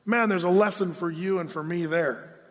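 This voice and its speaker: High-voiced man preaching in a hall. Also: normal speed. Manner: storytelling, acts out quotes with playful asides. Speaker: pastor. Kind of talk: sermon.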